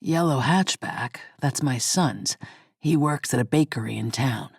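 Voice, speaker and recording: A woman reading an audiobook voices a gruff, blunt middle-aged rural man in a lowered voice. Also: unhurried, no room sound, clean studio sound, full character voice. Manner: blunt, curt. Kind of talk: audiobook character voice.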